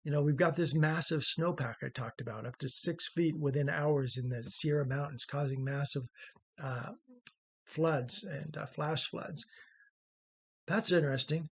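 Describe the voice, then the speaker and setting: A middle-aged man hosting a spoken commentary, his voice husky and a touch higher than most men's. He rambles conversationally, restarting phrases and leaning on fillers, earnest throughout. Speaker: host. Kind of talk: opinion commentary monologue.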